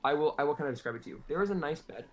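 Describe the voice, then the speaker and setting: A man's voice: fairly high pitch, lively intonation. A man narrating an improvised tabletop game as game master, rambling with many fillers. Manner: rambling, filler-heavy, fast.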